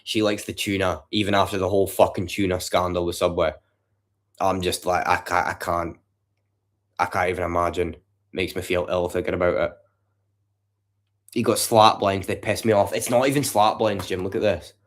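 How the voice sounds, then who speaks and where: Deep-voiced man streaming. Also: flat delivery, moderate pace. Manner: profane, rambling banter with chat. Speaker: livestreamer. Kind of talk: casual chat with a livestream audience. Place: his home at night.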